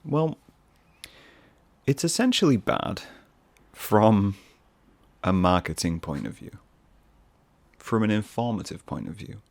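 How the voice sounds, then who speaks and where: In a dry recording, a man with a lowish, sing-song voice and some vocal fry hosts a solo podcast, speaking slowly and pausing often. He muses and rambles casually, with self-mocking asides.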